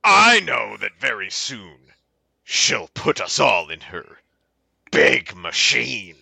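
Man, podcast co-host, slow mock-serious poem reading, very gravelly, husky, dry sound. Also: mid-range voice, wildly swooping pitch, bright, forceful tone, no echo. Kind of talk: comic dramatic poetry reading.

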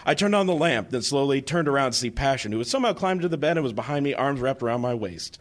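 Lively man reading to a bar crowd. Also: mid-range voice, quick pace, hardly any pauses. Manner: animated, breaking into laughter. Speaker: live reader. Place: live bar stage.

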